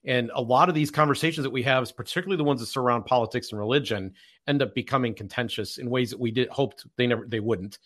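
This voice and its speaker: A man's voice: medium pitch, quick pace, fairly bright tone. A man hosting a podcast interview, thoughtfully reflecting and rephrasing his points as he talks. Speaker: podcast host. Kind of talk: casual interview chat.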